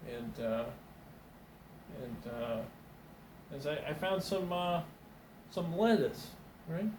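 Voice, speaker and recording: A man's voice: fairly high pitch, lively intonation, takes it slowly, darkish tone, roomy sound, recorded from a distance, a little hiss or hum, rough recording. A man doing stand-up comedy and telling a meandering story, full of fillers and restarts, putting on small voices for the people in it. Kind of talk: rambling comic storytelling.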